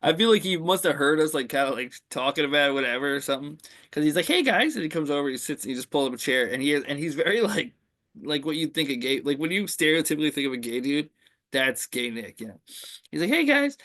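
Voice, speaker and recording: A man's voice: on the high side, quick pace, fairly bright tone. A man co-hosting a podcast, telling stories in casual slangy chat and laughing all the way through. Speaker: podcast co-host.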